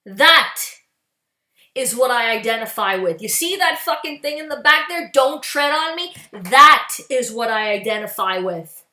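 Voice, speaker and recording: Furious profane woman ranting, high voice. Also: expressive, measured pace, bright, forceful tone, reverberant. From Canada. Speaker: political vlogger. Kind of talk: angry political rant.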